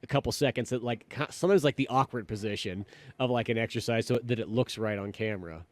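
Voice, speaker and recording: A man's voice: medium pitch, fast, darkish tone, no echo. A man co-hosting a podcast, chatting casually and animatedly, swearing now and then and rambling with lots of fillers. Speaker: podcast co-host. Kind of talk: casual chat.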